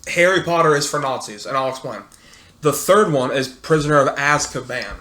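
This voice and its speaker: A man with a bright, forceful voice pitched a little high, arguing hard in casual chat. He is loud and profane, and he breaks into laughs often. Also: brisk. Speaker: podcast co-host.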